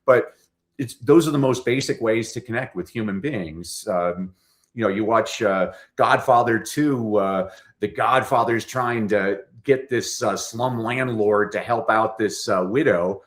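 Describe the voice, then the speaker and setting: A middle-aged storytelling coach with a lowish voice speaks unhurriedly as a guest in a lively podcast conversation. He's animated, acting out quotes in different voices.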